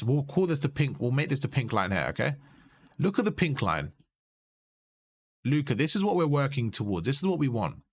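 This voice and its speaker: A man's voice: mid-range voice, fairly bright tone. Male gameplay coach, patient and instructive, narrating a match review. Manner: instructive, repeats points with "you see?". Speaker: game coach. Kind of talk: coaching commentary over gameplay.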